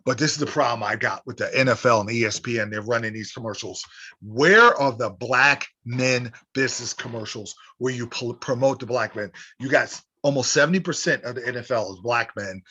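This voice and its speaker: Male sports talk host, punchy and insistent, bright cutting voice. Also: mid-range voice, fairly quick, husky. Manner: emphatic, repetitive rallying delivery. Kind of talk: opinion monologue.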